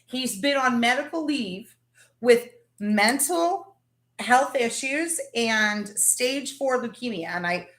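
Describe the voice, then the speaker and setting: A woman's voice: fairly high pitch, animated, takes it slowly, fairly bright tone, roomy sound. A woman hosting a casual livestream, chatting and greeting viewers by name. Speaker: livestream host.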